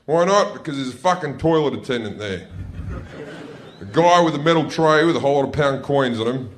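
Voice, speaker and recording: A man's voice: medium pitch, expressive, a little fast, slight background noise. A man with an Australian accent doing profane stand-up comedy on a club stage, telling a brash story to a laughing audience.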